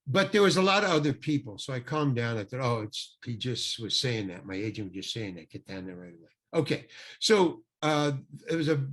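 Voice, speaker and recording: An older man, a guest actor, telling an anecdote in an animated way and acting out the people he quotes. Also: mid-range voice, brisk. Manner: animated, acts out quoted voices. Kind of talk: anecdotal storytelling.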